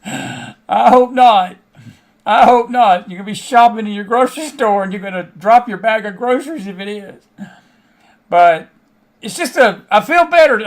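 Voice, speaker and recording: A middle-aged man with a Southern American twang hosts his show in a folksy, rambling way. His voice sits notably high for a man. He chats to his audience like old friends. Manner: folksy, chatty, frequent laughs and asides. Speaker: host. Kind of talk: casual monologue to a live online audience.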